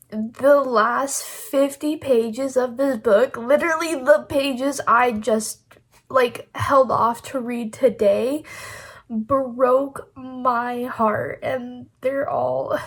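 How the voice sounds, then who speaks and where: A woman talks to her phone camera in an unhurried, slightly high voice. She chats about books in a gushing, emotional way and scatters "like" through nearly every sentence. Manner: chatty, heavy use of "like" fillers. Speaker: book vlogger. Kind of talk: casual reading vlog to camera.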